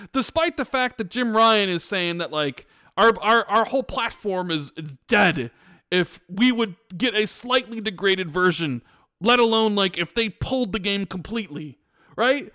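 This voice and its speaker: A man with a high, bright voice and a crisp, clear tone, hosting a casual gaming podcast. He talks in an animated, ranting way with lots of restarts, and the recording sounds dry and close. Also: moderate pace, no echo. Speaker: podcast host.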